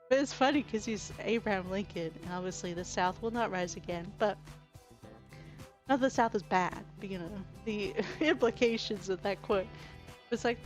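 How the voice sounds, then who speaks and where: A woman's voice: mid-range voice, normal speed, faint music behind. An Australian woman streaming a game, chatty and giggly, with lots of "like". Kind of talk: casual gameplay chat.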